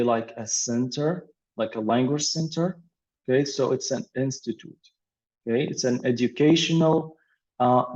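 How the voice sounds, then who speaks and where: This English lesson on pronunciation and vocabulary comes from a patient man whose mid-range voice has a darkish tone. His explanations carry many fillers and repeated words, captured in dull lo-fi audio.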